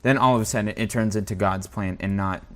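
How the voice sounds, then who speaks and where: A man's voice: on the low side, fairly even intonation. Cautious man weighing his words. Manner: cautious, measured, searching for words. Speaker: co-host. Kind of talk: casual talk show discussion.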